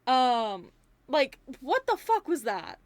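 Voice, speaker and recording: A young woman giving a casual movie review, animated and rambling, swearing freely as she rants. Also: high voice, takes it slowly, no room sound. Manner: rambling, many fillers.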